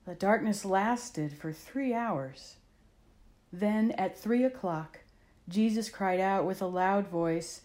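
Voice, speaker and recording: Mellow woman telling a children's story. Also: medium pitch, slow. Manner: expressive, asks the listener questions.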